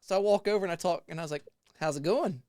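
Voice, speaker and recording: Man, 40s, haunt performer, animated anecdote teller, dry close mic. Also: high-pitched, fast, no room sound. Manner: animated, laughing, acts out voices. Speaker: haunted house actor. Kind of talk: casual storytelling.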